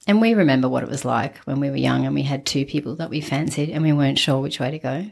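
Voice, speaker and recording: Woman co-host, low voice, steady narrator with dry replies. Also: quick pace, vocal fry. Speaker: podcast co-host. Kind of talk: casual recap chat.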